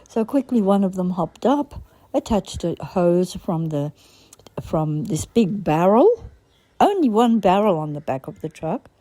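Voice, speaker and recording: Warm-voiced woman telling a faith story. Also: mid-range voice. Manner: animated storytelling, quotes her own thoughts. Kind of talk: personal faith testimony.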